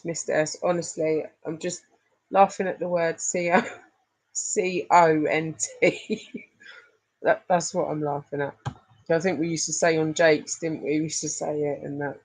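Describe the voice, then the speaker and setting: A middle-aged woman chats with her live-stream viewers in an unhurried, low voice. She is affectionate and laughs often. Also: fairly even intonation, slightly rough, poor audio. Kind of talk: casual live chat reading comments.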